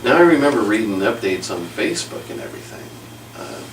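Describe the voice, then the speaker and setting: A lower-voiced man asks questions in an interview, measured and a little hesitant. He is far from the mic in an echoey room with background noise. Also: big pitch swings. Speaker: interviewer, host.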